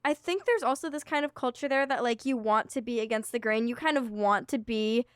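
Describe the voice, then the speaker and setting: A woman's voice: on the high side, fairly quick, smooth, no echo, studio quality. A young woman co-hosting a podcast, chatting and reflecting, often laughing. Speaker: podcast co-host. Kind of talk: casual chat.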